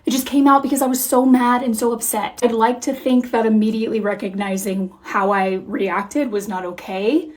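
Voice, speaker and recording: A woman in her thirties telling a candid, profane, animated parenting story in a vlog. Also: on the high side. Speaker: mom content creator. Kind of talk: confessional vlog monologue.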